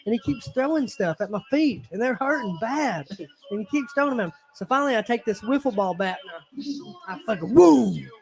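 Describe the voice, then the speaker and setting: A man's voice: very high-pitched, animated, brisk. A man hosts a casual watch-along of a fight. He laughs often and tells his stories by acting out the voices of the people in them. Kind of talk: casual chat, storytelling.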